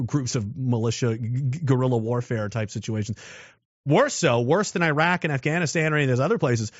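A man's voice: mid-range voice, no room sound, highs cut off. Guy ranting through a political monologue, keeps restarting, dead dry sound. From Canada. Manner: rambling, with frequent restarts and rhetorical questions. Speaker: commentator.

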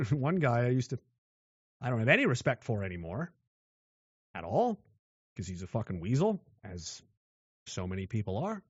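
A man's voice: mid-range voice, sing-song, normal speed, long pauses, a little mellow, breathy edge, dry recording, dull audio. A man delivering a blunt, aggressive monologue rant, mocking those who show mercy.

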